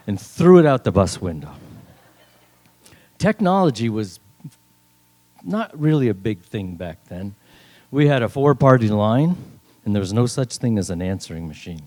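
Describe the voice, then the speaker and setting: A man's voice: fairly low pitch, big pitch swings, measured pace, long pauses, darkish tone. An older man from northern New York telling a funny personal story at a live story slam, with dry, wry humor. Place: stage at a live event.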